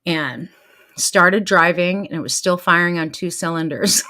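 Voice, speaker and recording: A middle-aged woman who works as a life coach and show host tells her viewers casual stories. She's animated and laughs often, swinging her pitch to act out what people said.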